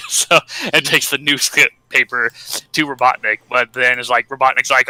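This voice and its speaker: A man's voice: medium pitch, fairly even intonation, a little fast, sharp tone, dry recording, low-quality recording. A man co-hosting a casual podcast, recapping a story with voiced asides and frequent laughter. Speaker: podcast co-host.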